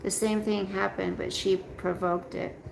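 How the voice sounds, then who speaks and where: A tired woman, yawning now and then, hosts a casual livestream from home, reading the chat slowly and rambling as she greets viewers by name. Her mid-range voice is gravelly and level. The audio is poor, with a roomy sound and a faint hiss or hum.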